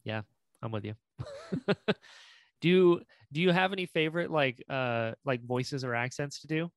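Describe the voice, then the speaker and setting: A man's voice: medium pitch, normal speed, no room sound, clean studio sound. A man hosting a podcast, chatting playfully and acting out little quotes with laughs. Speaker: podcast host. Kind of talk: casual podcast chat.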